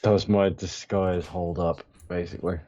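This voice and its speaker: A man's voice: sits low, fairly even intonation, unhurried, mellow, lo-fi sound. A man playing a tabletop game, talking in hesitant stops and restarts. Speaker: player.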